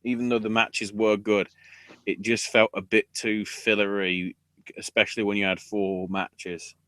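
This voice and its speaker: A man hosting a wrestling podcast, talking casually with sarcasm and swearing, and acting out quotes in loud bursts. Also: on the low side, level tone, unhurried, dry recording, clean studio sound.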